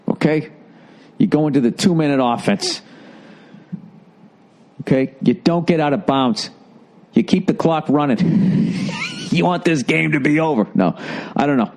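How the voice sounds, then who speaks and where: This comedy podcast host has a higher voice with lively intonation and a darkish tone. He reads a listener's letter and casually rants blunt, profane breakup advice, swearing a lot and halting with fillers and restarts before the punchlines.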